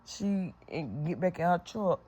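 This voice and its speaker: A woman's voice: fairly low pitch, a little slow, dark tone, muffled recording. A middle-aged woman telling a casual storytime vlog story, blunt and full of profanity and sound-effect words.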